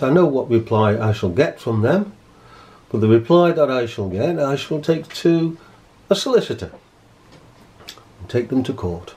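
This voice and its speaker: A man's voice: medium pitch, a little mellow. A man giving an indignant monologue to camera, emphatic and repeating his points. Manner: emphatic, repeats points, acts out both sides of an argument. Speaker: vlogger.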